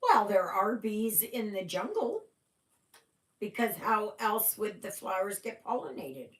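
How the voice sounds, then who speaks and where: A middle-aged woman with a medium-pitched, very animated voice hosts a cross-stitch livestream at a measured pace. She chats casually with viewers, occasionally yawning and trailing off, in an echoey room.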